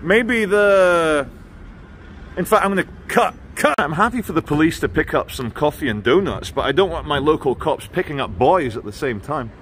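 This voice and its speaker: A man's voice: fairly high pitch, lively intonation, normal speed. Sardonic man vlogging on city streets. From England. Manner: chatty, sardonic, mocking asides. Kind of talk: walking vlog commentary. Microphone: handheld camera mic while walking. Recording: faint street traffic noise behind.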